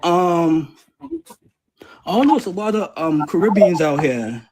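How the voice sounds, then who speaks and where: Caller, man from Massachusetts, halting and unsure delivery, a bit high-pitched. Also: animated, a loud crowd. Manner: hesitant, many fillers and restarts. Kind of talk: phone-in call.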